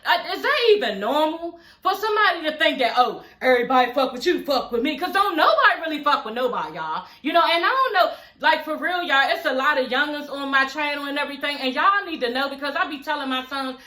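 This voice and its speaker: A high, bright-voiced woman in her forties delivers blunt, profane commentary straight to her viewers, animated and laughing as she goes. Her voice rings around a roomy, echoey space. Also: brisk, hardly any pauses. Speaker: reality TV reviewer. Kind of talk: casual commentary vlog. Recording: roomy echo.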